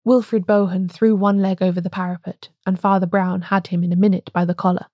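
A woman podcast host reading a story in measured, scripted narration. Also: fairly low pitch, little pitch movement, dark tone, dry recording, studio quality.

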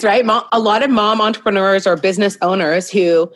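A woman's voice: mid-range voice, fairly quick, no room sound. Chatty, candid woman guest. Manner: candid, chatty, self-deprecating. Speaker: guest, business founder. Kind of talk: casual interview storytelling. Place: at home.

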